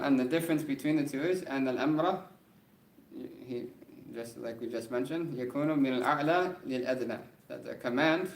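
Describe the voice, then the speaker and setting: A man teaching an Arabic grammar class, reading the text quickly and then explaining it slowly, often checking in with "right?". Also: mid-range voice. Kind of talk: classroom lesson. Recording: roomy classroom with faint background noise.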